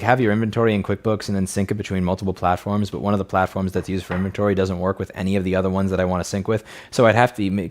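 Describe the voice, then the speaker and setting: A man with a somewhat low voice hosts a casual livestream Q&A. He reads chat messages aloud and answers them in a blunt, off-the-cuff way, swearing freely. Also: a little mellow.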